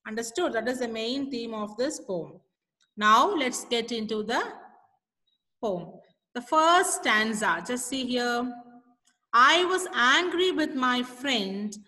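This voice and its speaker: High, bright-voiced woman teaching slowly. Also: long reverb tail, low-quality recording. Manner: explains slowly, asks frequent comprehension checks. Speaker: English teacher. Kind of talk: classroom poetry lesson.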